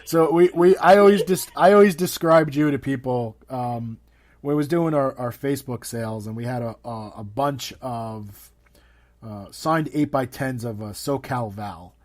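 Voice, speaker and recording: A man at a mid pitch hosts a casual interview, talking in loose, rambling runs and breaking into laughs often. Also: normal speed, darkish tone. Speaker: podcast host.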